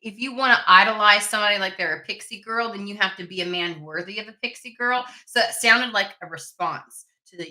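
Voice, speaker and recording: Casting: woman host, bright tense voice, irritated cursing chat at home. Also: mid-range voice, fast talker, hardly any pauses. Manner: profane, irritated, rambling. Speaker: tarot reader channel host. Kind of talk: casual chat to camera. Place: home room with desk and window. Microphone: camera mic.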